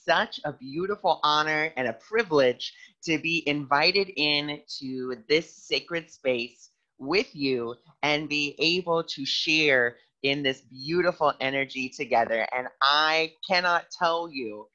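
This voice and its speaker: A man who is a guest on a spiritual podcast, telling stories in an animated way and acting out voices. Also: fairly high pitch, slow pace, few pauses, dull audio. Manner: animated storyteller who acts out quoted voices. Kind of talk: casual podcast conversation.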